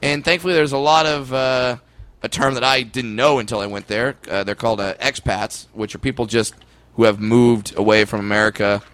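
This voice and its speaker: A man's voice: mid-range voice, fairly even intonation, a little fast, a bit bright, clean tone, no room sound. A young adult man co-hosting a podcast in casual chat, laughing often and restarting his sentences. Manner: laughing, stammering restarts, drops into silly voices. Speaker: podcast co-host and comedian.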